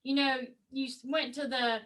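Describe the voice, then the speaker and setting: A woman's voice: sits high, steady tone, moderate pace, a bit bright. A woman speaking up in an online meeting over a video call, playful and casual as she tells a joke. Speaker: meeting participant. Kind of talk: casual chat.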